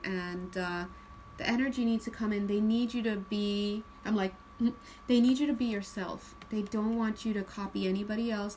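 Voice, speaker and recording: A woman giving a casual spiritual card reading, chatty and laughing often, slowing into a calm tone at times. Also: medium pitch, slight background noise, low-quality recording. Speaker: tarot card reader.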